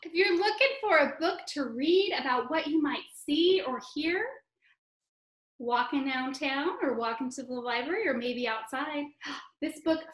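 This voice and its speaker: Woman, children's librarian, high voice, unhurried sing-song storytime delivery, echoey room. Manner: animated and sing-song, with gasps of delight.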